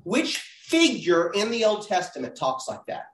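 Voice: medium pitch, very animated, measured pace. A Bible study leader teaching a group, earnest, posing questions and building to emphatic peaks. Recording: roomy sound from a distance.

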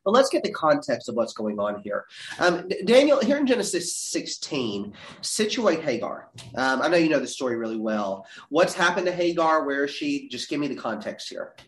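A man teaching a Bible class, reading verses aloud with dramatic leaps in pitch. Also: big pitch swings, normal speed. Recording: roomy echo.

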